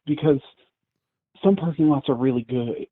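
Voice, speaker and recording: A man calling in with a halting, slow, oddly clipped way of talking. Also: a little high, husky. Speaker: caller. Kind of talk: call-in question. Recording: tinny phone line.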